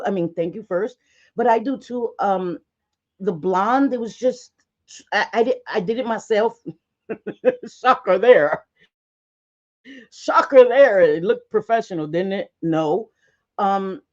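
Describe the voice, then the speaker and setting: A woman's voice: medium pitch, a little mellow, lo-fi sound. A woman host chatting casually on a livestream, telling stories with frequent laughs and restarts and swearing freely.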